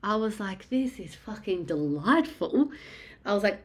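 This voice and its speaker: A woman candidly recounting her birth story, frank and animated, swearing freely. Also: mid-range voice, unhurried.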